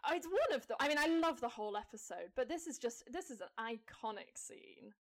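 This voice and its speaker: Upbeat laughing woman, fairly high voice. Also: very animated, brisk. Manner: enthusiastic, laughs often. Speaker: podcast guest. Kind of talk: casual fan podcast chat.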